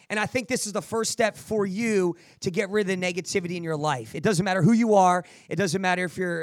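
High-voiced man giving motivational advice. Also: dry recording, clean studio sound. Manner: energetic, preachy, repeats words while restarting. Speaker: podcast host answering listener questions.

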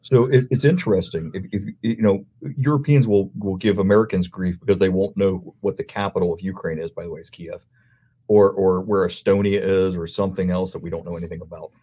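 A man's voice: deep voice, steady tone, a little fast, mellow, slightly rough. A middle-aged man chatting casually as a podcast guest, rambling through stories and laughing easily. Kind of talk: casual chat.

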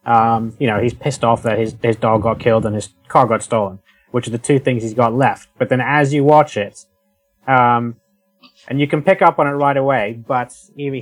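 A man in casual movie discussion, thoughtful and halting as he explains the plot. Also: medium pitch, no echo.

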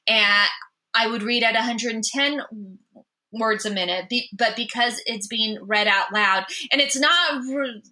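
A woman being interviewed, her voice sitting fairly high and ringing bright. She stutters, repeating first sounds, but keeps talking with lively energy. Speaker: guest. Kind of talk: interview conversation.

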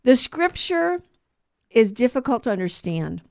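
Woman podcast co-host, higher voice, chatty and self-correcting teaching style, dry close mic. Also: big pitch swings, a little slow, creaky, darkish tone, dry recording. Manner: explanatory, digressive, self-correcting. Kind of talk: casual catechetical chat.

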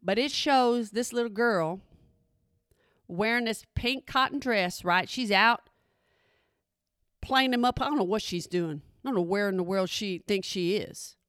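A woman's voice: mid-range voice, a little slow, a bit bright, clear, resonant tone, no echo, clean studio sound. A middle-aged woman and mother, chatting in a sassy, emphatic monologue straight to her listeners. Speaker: parent monologue host. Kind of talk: casual chat monologue.

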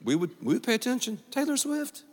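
A male pastor preaches in a joking, animated way, tossing in quick asides. His voice is high and bright with lively swings in pitch. A long reverb fills the large auditorium behind him. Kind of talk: sermon.

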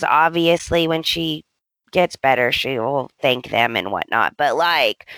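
A woman's voice: low-pitched, expressive, measured pace, fairly bright tone, dry recording. A woman co-hosting a podcast in casual chat, chatty with exclamatory reactions. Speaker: podcast co-host.

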